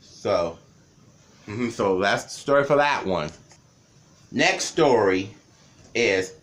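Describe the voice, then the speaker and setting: A man's voice: fairly low pitch, takes it slowly. A man in his thirties from the Cleveland area, telling childhood stories in a casual, rambling vlog with lots of repetition. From Cleveland area, Ohio. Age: 30s. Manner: rambling, repeats words, lively telling. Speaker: vlogger.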